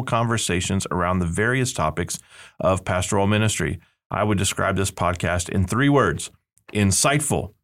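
A man's voice: low voice, moderate pace, fairly bright tone. A man hosting a podcast in casual banter, reading out listener reviews with playful emphasis and frequent laughs. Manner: jokey, laughs often, reads quotes with mock emphasis. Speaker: podcast host, seminary professor.

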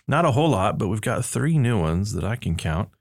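A middle-aged man with a fairly low voice hosts a faith podcast in a relaxed, joking way. His delivery swings lively up and down as he reads reviews aloud with mock emphasis. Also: brisk, creaky. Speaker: podcast host, seminary professor. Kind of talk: casual podcast banter, reading reviews.

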